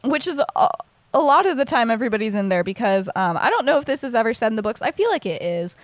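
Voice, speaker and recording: Chatty young woman, high and dry. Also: big pitch swings, no echo. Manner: rambling, heavy use of "like", quick giggles. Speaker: podcast co-host. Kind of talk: casual chat recapping a story.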